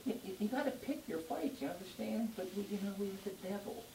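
Preacher, animated and jokey, builds to loud emphasis; roomy church echo, mic set back, faint hiss. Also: mid-range voice, fast, recorded from a distance. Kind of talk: sermon. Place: church before a congregation.

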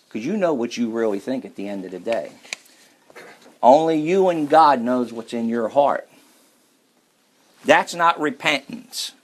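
A man preaching a sermon, emphatic, repeating key phrases and slowing right down to stress his points. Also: on the low side.

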